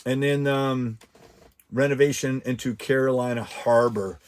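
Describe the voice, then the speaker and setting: A man's voice: mid-range voice, steady tone, a little slow. A man hosting a podcast, chatting casually and rambling with frequent restarts and asides. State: out of breath. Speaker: podcast host.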